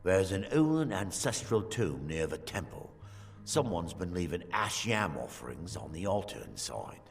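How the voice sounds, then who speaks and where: An actor playing a sly male dark elf tavern keeper in a game, talking in a put-on Cockney-style British accent with a knowing, teasing delivery. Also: sits low, sing-song, normal speed. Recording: game audio with long reverb and faint music.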